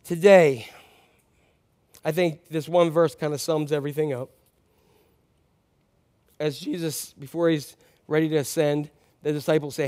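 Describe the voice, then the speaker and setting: A man's voice: on the high side, fairly even intonation, a little slow, pauses often, darkish tone. A man preaching a sermon in a conversational, joking way, reading scripture with emphasis. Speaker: pastor.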